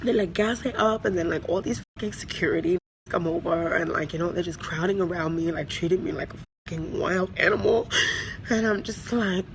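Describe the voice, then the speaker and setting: An upset woman venting in an agitated, profane rant at an airport, her talk full of fillers as she tries to calm down. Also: lowish voice, a little fast, a little hiss or hum, poor audio. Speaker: vlogger venting after a flight. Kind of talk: angry phone vlog rant.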